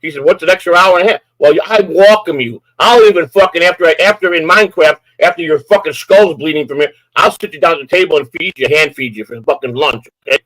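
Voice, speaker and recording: Older male streamer, furious profane rant, fairly high voice, dry close mic. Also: fast talker, few pauses, fairly bright tone, no room sound, poor audio. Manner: profane, threatening, repetitive. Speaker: live-stream host. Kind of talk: angry live-stream rant.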